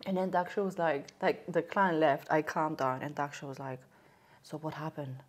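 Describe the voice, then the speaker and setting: A woman's voice: low-pitched, moderate pace. Young london woman on a podcast, laughs a lot, tells stories with energy. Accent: London English. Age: young adult. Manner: animated storytelling, laughs often, acts out quotes. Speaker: podcast co-host, aesthetic therapist. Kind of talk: casual chat, anecdote.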